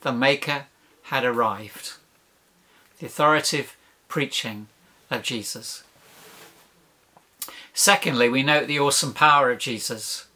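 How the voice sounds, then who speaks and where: A man's voice: mid-range voice, measured pace, pauses often, pushed and bright. A man preaching a sermon, emphatic, building points with rhetorical questions and lists.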